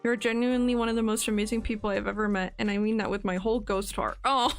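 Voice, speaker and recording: A woman's voice: medium pitch, steady tone, quick pace, faint music behind. A woman in her twenties, streaming casually and reading out birthday messages, giggling and getting emotional as she goes. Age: 20s. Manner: giggly and emotional, laughing often.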